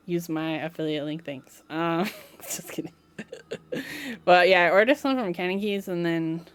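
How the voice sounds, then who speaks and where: A woman's voice: fairly low pitch, clear, resonant tone. A young woman chatting casually on a live stream while building a keyboard, giggling often and cooing to her cat.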